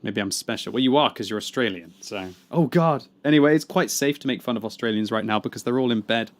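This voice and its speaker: A British man with a medium-pitched voice chats quickly while streaming a game, teasing and rambling as he reads chat messages aloud. Game noise is clearly audible behind him.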